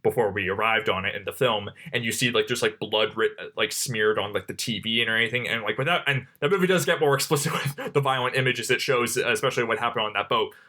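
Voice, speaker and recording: A man's voice: medium pitch, quick pace, hardly any pauses, bright, forceful tone. A man co-hosting a podcast, talking through a film in a loose, rambling way full of "like" fillers. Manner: rambling, heavy use of "like" fillers. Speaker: podcast co-host. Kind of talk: casual film discussion.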